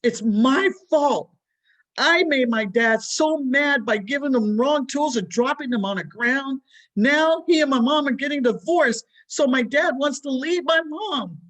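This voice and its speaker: A woman's voice: fairly low pitch, measured pace. A woman voicing an upset young boy who blames himself for trouble at home, speaking tearfully. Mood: distraught. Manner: tearful, pleading.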